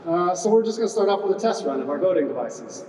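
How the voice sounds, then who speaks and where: A man's voice: sits high, expressive, fast talker, a little mellow. A middle-aged man presiding over a retirement ceremony as squadron commander, giving a humorous speech full of "uh" fillers and audience banter. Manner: joking, chatty, with frequent "uh" fillers and audience banter. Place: large hall. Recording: echoey hall from a distance.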